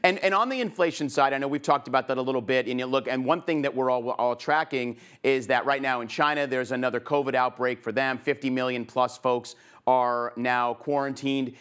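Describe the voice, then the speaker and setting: Male interview host, easygoing and chatty, middle pitch. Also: fairly quick, fairly bright tone, clean tone. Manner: friendly, conversational, laughs easily. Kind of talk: hosted interview and sign-off.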